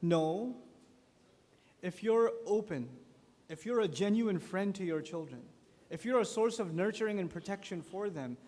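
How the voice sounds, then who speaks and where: Man, conference speaker, religious youth lecture, animated storyteller, high voice, big reverberant hall. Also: unhurried. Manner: animated storytelling with acted-out quotes. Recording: long echo of a large conference hall.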